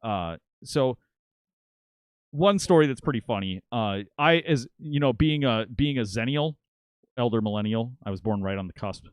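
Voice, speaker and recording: A man's voice: mid-range voice, expressive, moderate pace, clean tone, no echo. A man in his late thirties from Minnesota, telling rambling, profane stories as a podcast guest. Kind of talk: casual storytelling.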